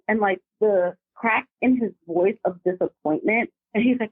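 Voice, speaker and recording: A woman calling in to a podcast, telling a story in a casual and animated way. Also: mid-range voice, fairly quick, hardly any pauses, no room sound. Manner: animated, vivid retelling. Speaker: caller. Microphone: phone call. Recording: tinny phone line.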